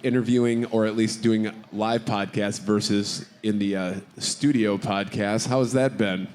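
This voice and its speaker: Laid-back man hosting, lowish voice. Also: fairly even intonation, darkish tone. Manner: hesitant, many filler pauses. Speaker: podcast host. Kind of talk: casual live podcast chat. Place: convention hall stage.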